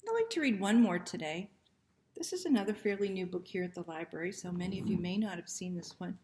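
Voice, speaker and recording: A woman librarian reading a picture book aloud to children, gentle and soft-spoken, often dropping into a hushed near-whisper and asking the children questions. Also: on the low side, quick pace, a little hiss or hum.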